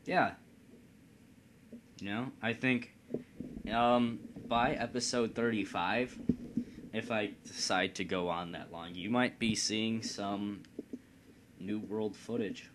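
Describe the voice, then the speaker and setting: A man's voice: lowish voice, steady tone, takes it slowly, pauses often, background noise. A man from Indiana giving casual, rambling gameplay commentary at his computer, joking and poking fun at himself. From Indiana, United States. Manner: rambling, joking, self-deprecating. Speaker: let's play host. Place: at home computer.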